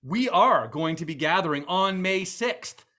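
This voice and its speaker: A man's voice: high-pitched, animated, measured pace, pushed and bright. A man with a Boston accent hosting a virtual fundraiser, chatty and upbeat with many fillers. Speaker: event host.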